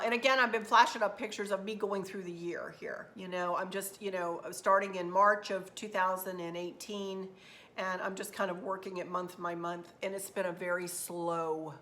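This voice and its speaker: A woman's voice: fairly low pitch, a bit bright. A middle-aged woman, talking unscripted and casually to her viewers, rambling and repeating herself. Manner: rambling, repeats herself, southern turns of phrase. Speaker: craft channel host. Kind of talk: unscripted casual vlog talk.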